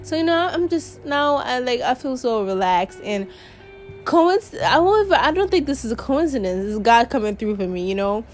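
A woman's voice: fairly high pitch, sing-song, normal speed, soft background music. A young woman, hosting her podcast in a rambling, chatty monologue, swearing and laughing often. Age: young adult. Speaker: podcast host. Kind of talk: casual monologue.

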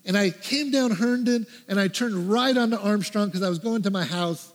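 Man, high voice, preacher, storytelling sermon, animated, acts out prayers, long hall reverb. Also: moderate pace. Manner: animated, acts out his own prayers and quotes. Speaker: pastor.

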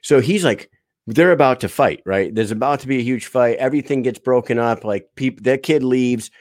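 A man's voice: medium pitch, moderate pace, darkish tone, dry recording, studio quality. A man hosting a casual podcast, laid-back and foul-mouthed, trading rambling stories with his co-host.

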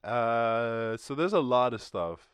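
A man's voice: mid-range voice, animated, takes it slowly, clear, resonant tone, no echo. A man with an Irish accent hosting a podcast, chatting in a rambling, laughing way and swearing often. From Ireland. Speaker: podcast host. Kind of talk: casual chat.

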